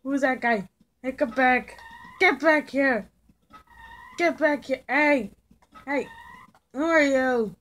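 A woman voicing a hyper, cheerful young male fox kid in in-character game commentary, excitable and pushy. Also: high-pitched, slow pace, long pauses. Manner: excitable, bouncy, keeps shouting questions at passers-by.

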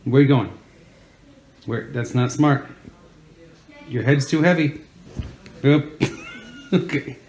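A man's voice: medium pitch, takes it slowly, long pauses, darkish tone. A father patiently encouraging his baby while teaching it to sit. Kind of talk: gentle talk to a baby. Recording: echoey room, faint noise.

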